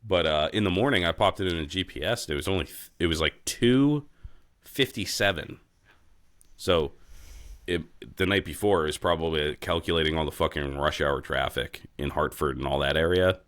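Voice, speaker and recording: A New England man co-hosts a podcast, chatting casually in a laid-back way, swearing and saying "dude" a lot. His voice rumbles low with a fairly bright tone at a moderate pace, captured in clean studio sound with no room echo.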